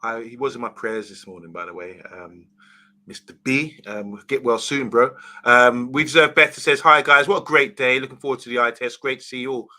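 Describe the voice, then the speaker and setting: Casting: male co-host, very bright sound, chatty and friendly with viewers, casual football banter. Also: mid-range voice, a little fast. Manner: chatty, greets viewers by name. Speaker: livestream co-host reading comments.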